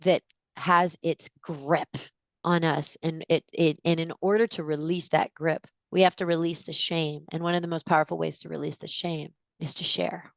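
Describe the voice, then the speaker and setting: A woman in her forties, a guest in an interview, telling a personal story in an animated way and acting out what people said. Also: low voice, moderate pace, creaky, no echo. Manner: animated storyteller, acts out quotes with gasps.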